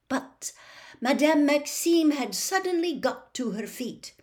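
A woman reading a storybook aloud as narrator, slow and measured. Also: high voice, expressive, a little mellow.

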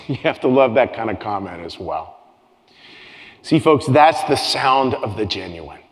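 A man's voice: lowish voice, lively intonation, measured pace. A man preaching a sermon as pastor to his congregation, earnest, often repeating phrases and restarting his sentences. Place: church sanctuary with congregation. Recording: long hall reverb with soft guitar.

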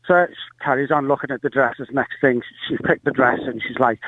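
A man's voice: medium pitch, steady tone, moderate pace, few pauses, no room sound. A man calling a radio show, telling a family story animatedly and acting out the voices. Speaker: caller. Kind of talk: phone-in storytelling. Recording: tinny phone line.

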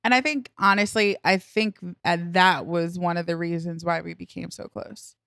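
Casting: woman, slightly low voice, easygoing podcast co-host, dry close mic. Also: steady tone, normal speed, vocal fry, fairly bright tone, smooth, no echo. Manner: easygoing, affirming, laughs often. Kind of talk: casual chat.

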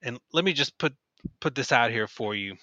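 A man's voice: mid-range voice, expressive, moderate pace, sharp tone, no room sound, dull audio. A man co-hosting a sports podcast, talking in a hedging way with frequent restarts. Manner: hedging, restarts often, many fillers. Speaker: podcast co-host. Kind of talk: casual sports chat.

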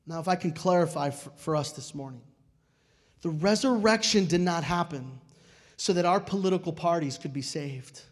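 A middle-aged pastor with a somewhat high voice delivers a sermon at a moderate pace, telling stories that swing dramatically between loud declarations and hushed, quiet moments.

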